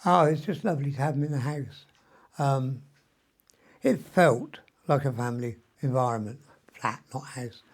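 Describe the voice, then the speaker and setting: An older man in his seventies talks through a meandering video diary, full of ums and the odd mild curse. His voice sits at an ordinary middle pitch. He sounds worn out and short of breath, like someone still recovering from illness. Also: moderate pace. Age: 70s. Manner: chatty, meandering, mild swearing, frequent ums. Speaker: vlogger. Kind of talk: rambling personal video diary.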